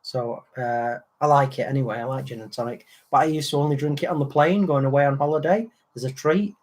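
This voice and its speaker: A man's voice: mid-range voice, fast, darkish tone. Chatty man. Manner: chatty storyteller, acts out other people's lines. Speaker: co-host of a livestream chat. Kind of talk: casual chat.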